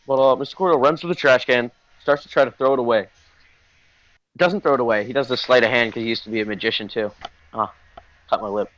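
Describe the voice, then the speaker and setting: A man's voice: mid-range voice, highs cut off. A man hosting a podcast, telling a story in a rambling, profane, casual way with lots of fillers. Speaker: podcast host.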